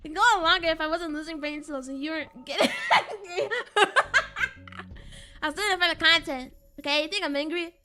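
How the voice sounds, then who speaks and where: A woman with a very high, bright voice chats her way through a game stream. She rambles and pokes fun at herself, breaking into laughter often, with soft music in the background. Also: brisk. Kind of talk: casual game stream commentary.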